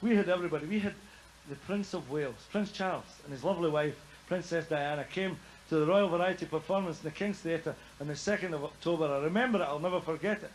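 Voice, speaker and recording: Scottish man, stand-up comic, high voice, chatty, laughs at own jokes, faint noise. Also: fast, poor audio. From Scotland. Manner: chatty, jokey, laughs at his own gags. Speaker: stand-up comedian. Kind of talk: stand-up comedy routine on stage.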